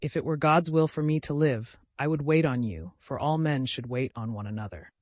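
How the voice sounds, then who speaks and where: A man voicing a gentle, feverish dying young man who talks tenderly and with rapture, in an audiobook. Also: a little high, normal speed, no echo, natural voice. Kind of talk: audiobook character voice.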